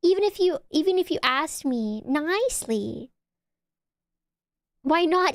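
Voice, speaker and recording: A woman's voice: high voice, animated, slow, pauses often, dry recording. Giggly, teasing young woman streamer. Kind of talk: casual chat with viewers.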